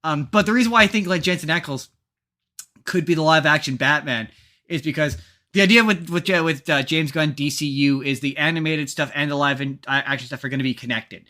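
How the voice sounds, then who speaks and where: Bright-voiced man rambling on a podcast. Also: fairly high pitch, brisk. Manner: rambling, restarts often. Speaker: podcast host. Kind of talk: casual podcast chat.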